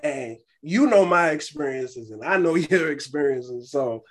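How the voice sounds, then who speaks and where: Animated young man telling stories. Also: a little high, measured pace. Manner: storytelling, quotes others in an animated way. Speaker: podcast co-host. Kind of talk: casual chat.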